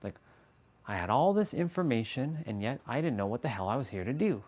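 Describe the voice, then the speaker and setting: A man's voice: medium pitch, expressive, a little fast, darkish tone, slight background noise. A man on a motivational livestream, talking with emphatic repetition, playful mock-scolding asides and casual swearing. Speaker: motivational live streamer.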